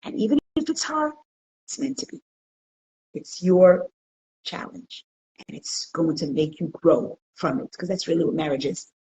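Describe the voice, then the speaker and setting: Her voice on the low side and her speed normal, a woman teaches religion interactively in a community centre classroom. She's an animated storyteller who keeps asking the class questions, and the recording is rough.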